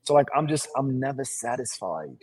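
A man's voice: medium pitch, sing-song, moderate pace, darkish tone, breathy edge, dry recording. A man from Sierra Leone speaking with a put-on English accent, an actor talking energetically and boastfully as a guest co-host. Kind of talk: casual interview chat.

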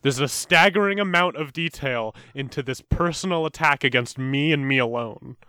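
A man's voice: medium pitch, normal speed, sharp tone, clean tone, no room sound. A man co-hosting a podcast in casual, profane, mock-outraged comedic chat. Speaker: podcast co-host.

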